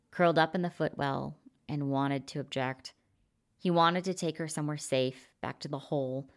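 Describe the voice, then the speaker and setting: A woman reading a short story aloud in an even, measured manner. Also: very deep voice, smooth. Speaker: reader. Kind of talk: scripted story narration.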